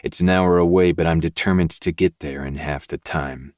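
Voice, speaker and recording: A man, the podcast host, narrating a dark novel in first person with steady, measured delivery. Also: deep voice, no room sound, studio quality.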